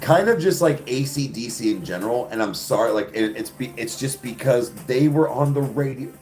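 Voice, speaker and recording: A man's voice: mid-range voice, lively intonation, normal speed, darkish tone, faint music behind. A man hosting a casual podcast chat, rambling in a crude, joking way and laughing often. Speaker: podcast host. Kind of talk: casual chat answering viewers.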